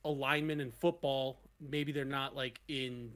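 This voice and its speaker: A man's voice: medium pitch, fairly even intonation, measured pace, a bit bright. A young man talking in a casual podcast chat, hesitant and full of restarts and "like.".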